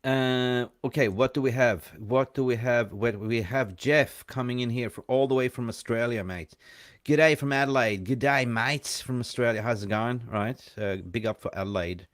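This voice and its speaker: A man hosting a live call-in show, chatting casually and rambling, quick to laugh. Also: mid-range voice, steady tone, dry recording, clean studio sound.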